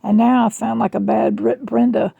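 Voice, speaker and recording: Chatty Southern woman, gravelly voice. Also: a little high, flat delivery, brisk, dry recording, phone-quality sound. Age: middle-aged. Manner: chatty, rambling, self-deprecating. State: strained, rough voice. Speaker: jewelry vlogger. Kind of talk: casual chat. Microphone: phone camera.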